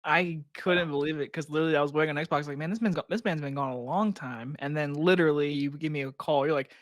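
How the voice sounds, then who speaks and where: Young man, higher-pitched voice, dry sound, excitable, laughs a lot, casual podcast chat. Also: quick pace, no room sound. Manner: excitable, laughs often, swears often. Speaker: podcast co-host.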